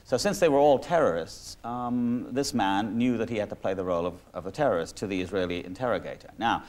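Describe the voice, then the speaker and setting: A man's voice: medium pitch, darkish tone. Discursive man in a reflective interview. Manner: discursive, many restarts and asides. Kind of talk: reflective conversational talk. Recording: 1986 archival talk recording.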